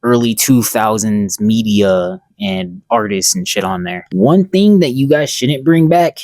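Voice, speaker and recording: A man's voice: mid-range voice, big pitch swings, a little slow, creaky, a little mellow, dry recording. Profane, joking male comic reviewer. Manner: profane, jokey and rambling. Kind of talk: casual commentary.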